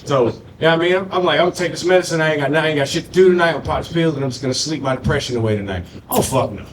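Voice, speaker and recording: A man's voice: fairly high pitch, racing, a little hiss or hum. A man doing a loose, profane stand-up comedy set on a club stage, working the crowd. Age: adult with a grown daughter.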